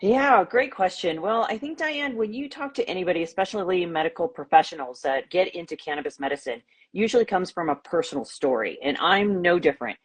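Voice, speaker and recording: A woman's voice: fairly low pitch, animated, fairly quick, few pauses, breathy edge. A middle-aged woman nurse, a guest in an online interview, speaking candidly and telling a personal story. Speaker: nurse and organization founder, guest. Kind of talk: casual interview.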